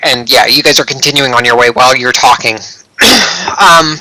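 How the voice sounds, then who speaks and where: A man narrating as game master in a tabletop game, hesitant and full of pauses. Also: mid-range voice, sharp tone, dry recording, poor audio. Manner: hesitant, many ums and restarts.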